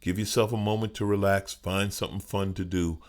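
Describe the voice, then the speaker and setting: A middle-aged man with a smooth voice, hosting his own podcast as a joking, conversational comedic monologue. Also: fairly even intonation, brisk. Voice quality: smooth deep voice. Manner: joking, conversational, playful asides.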